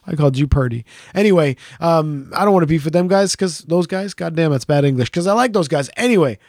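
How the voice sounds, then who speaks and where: A man's voice: fairly high pitch, animated, quick pace, darkish tone, no echo, clean studio sound. A middle-aged man co-hosting a podcast in casual chat, rambling and jokey and swearing freely. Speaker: podcast co-host.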